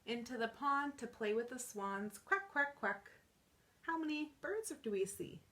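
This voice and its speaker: A woman working as a children's librarian, reading picture books aloud to young children in an animated sing-song way, counting along and gasping with delight. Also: a little high, normal speed, a little hiss or hum.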